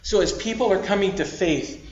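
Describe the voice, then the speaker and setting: A man's voice: high-pitched, normal speed. A male pastor preaching a sermon, stressing words by rising and dropping his voice. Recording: dull lo-fi recording.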